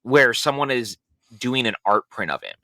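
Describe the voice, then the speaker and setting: Bright-voiced enthusiastic middle-aged man. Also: mid-range voice, big pitch swings, moderate pace, dry recording. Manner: enthusiastic, laughing often. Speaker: podcast co-host. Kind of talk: casual film review chat.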